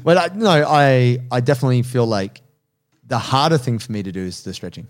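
A man's voice: medium pitch, fairly quick. A man hosting a casual podcast, talking animatedly about jiu-jitsu coaching, laughing often and swearing casually.

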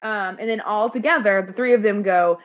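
Casual female co-host, mid pitch, expressive retelling, muffled recording. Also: a little fast. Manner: animated, acts out lines while recounting. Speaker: podcast co-host discussing a musical. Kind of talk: casual chat, quoting lyrics.

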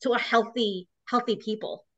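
A woman's voice: on the high side, fairly even intonation, normal speed, bright, forceful tone. A woman guest telling her own story in an emotional, rambling way, full of restarts. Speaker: interview guest. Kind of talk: personal storytelling. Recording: dull lo-fi audio.

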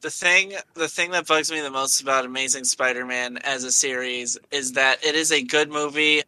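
A man's voice: mid-range voice, steady tone, normal speed, sharp tone, clean tone, low-quality recording. A man co-hosting a podcast, chatting casually and emphatically complaining about movies. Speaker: podcast co-host. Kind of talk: casual film chat.

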